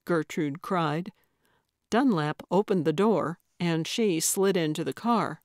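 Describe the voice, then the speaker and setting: Slow, measured woman audiobook narrator. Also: on the low side, dry recording, clean studio sound. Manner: even, measured storytelling. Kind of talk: scripted narration.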